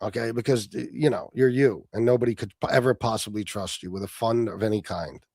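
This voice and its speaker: A man hosting a livestream, arguing in a heated, profane and mocking way, sometimes shouting. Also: on the low side, brisk, gravelly, a little hiss or hum. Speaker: livestream host.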